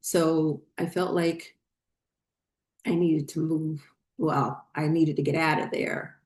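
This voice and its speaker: Low, mellow-voiced woman telling a story. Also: flat delivery, slow pace, reverberant. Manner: rambling, many fillers and restarts. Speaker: spiritual channel host. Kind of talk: casual personal storytelling.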